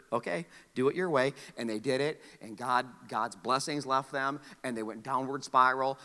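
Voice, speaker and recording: A man preaching a sermon, animated, dropping to quiet asides and then rising to near shouts. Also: mid-range voice. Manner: animated, swings from hushed to shouting. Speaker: pastor. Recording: long hall reverb.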